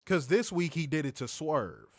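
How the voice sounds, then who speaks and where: A man with a fairly high voice speaks at a moderate pace in a dry, studio-quality recording. He co-hosts a wrestling review podcast, talking casually and animatedly with heavy profanity, jokes and teasing.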